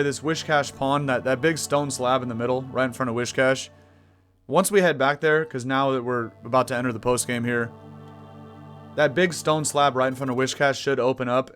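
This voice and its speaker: A man's voice: mid-range voice, fairly bright tone. A man giving casual, jokey commentary over a game playthrough, laughing often and using slang. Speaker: gameplay commentator. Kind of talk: casual let's-play commentary. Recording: faint game music behind.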